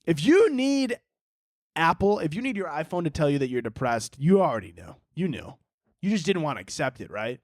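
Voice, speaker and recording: A man's voice: fairly high pitch, very animated, a little fast, a little mellow, no room sound, clean studio sound. A man hosting a casual solo podcast, rambling and swearing, often laughing and mocking things in silly voices. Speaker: podcast host.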